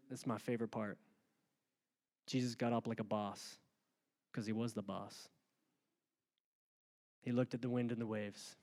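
A man preaching a sermon, moving between calm, quiet talk and loud, rising passages. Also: fairly high pitch, moderate pace, long reverb tail. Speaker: pastor.

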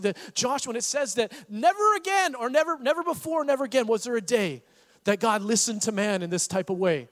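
Animated high-voiced male preacher. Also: fairly quick, in a large hall. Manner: animated, acts out the voices of Bible figures. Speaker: pastor. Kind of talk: sermon.

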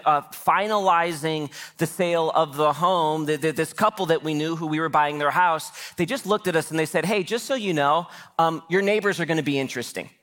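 A man's voice: fairly high pitch, a bit bright. Man telling a story in a sermon. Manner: anecdotal, quotes others in his own voice. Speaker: pastor. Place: church.

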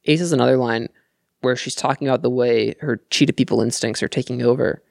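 A man co-hosting a fan podcast in casual chat, delivering crude jokes deadpan and often laughing. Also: medium pitch, fast, vocal fry, dry recording, clean studio sound. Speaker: podcast co-host.

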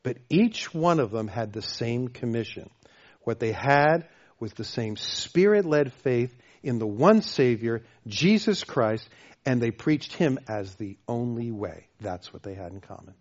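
A man preaching a sermon as pastor, emphatic, repeating phrases and swinging between loud and soft. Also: mid-range voice, expressive, a little slow, lo-fi sound. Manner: emphatic, repeats phrases, varies loudness widely.

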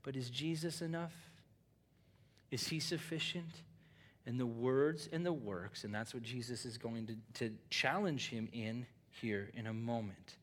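A middle-aged man preaching a sermon, moving between quiet conversational asides and loud emphatic peaks, often acting out quoted lines in everyday voices. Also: medium pitch, a little slow. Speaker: pastor.

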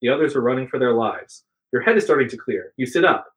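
A host reading an adventure book aloud with dramatic narration and mouth sound effects. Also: male voice, medium pitch, expressive, fast, poor audio.

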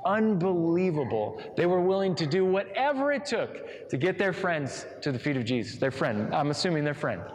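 A man preaches in a lively, conversational manner, putting rhetorical questions to his listeners. His voice sits a little high for a man. It carries a long reverb, as if from a large hall. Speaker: pastor. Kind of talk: sermon.

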